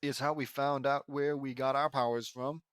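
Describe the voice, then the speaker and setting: A man's voice: medium pitch, little pitch movement, normal speed, a bit bright, smooth, dry recording, studio quality, close to an everyday voice. A man reading the part of a winged super-powered hero who explains things in a plain, matter-of-fact way. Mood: explaining.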